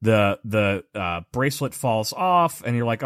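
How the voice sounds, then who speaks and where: A man's voice: lowish voice, very animated, measured pace, fairly bright tone, clear, resonant tone, no room sound, studio quality. A man co-hosting a casual movie podcast, talking animatedly and swearing for emphasis. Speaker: podcast co-host. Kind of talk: casual movie recap chat.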